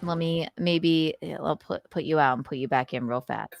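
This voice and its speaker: A woman hosting a casual live stream, animated and swearing as she acts out scenes. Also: deep voice, creaky, a little hiss or hum. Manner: animated, swearing, acting out scenes with quick voices. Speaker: podcast host.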